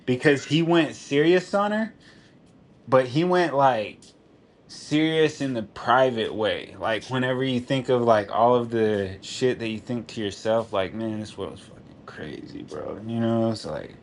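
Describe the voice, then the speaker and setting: A man's voice: medium pitch, measured pace. Rambling, laughing male streamer. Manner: rambling, profane storytelling peppered with "dude"; laughs often while telling a story. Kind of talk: casual chat.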